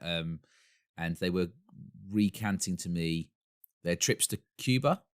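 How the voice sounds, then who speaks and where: Deep and resonant, this man's voice moves slowly and clearly through a casual podcast chat he co-hosts. He's from Essex, England, an enthusiastic storyteller who laughs a lot, and the studio recording is clean with no room sound.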